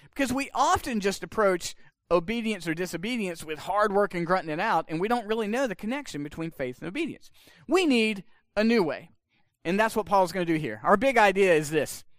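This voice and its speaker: A man's voice: high-pitched, expressive, fairly quick, fairly bright tone, no room sound, studio quality. A man, preaching a sermon in a conversational storytelling way, acting out the dialogue he quotes. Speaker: pastor.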